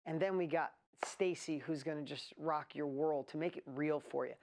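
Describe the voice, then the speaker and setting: A woman hosting a live online event, talking in an excitable, rambling way as she builds hype. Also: low-pitched, moderate pace. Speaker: event host. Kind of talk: energetic live webinar presentation.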